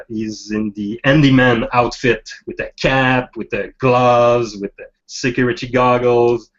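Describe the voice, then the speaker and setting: Slow, halting male game master. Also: mid-range voice. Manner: halting, many fillers and restarts. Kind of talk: narrating a tabletop game. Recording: dull lo-fi sound.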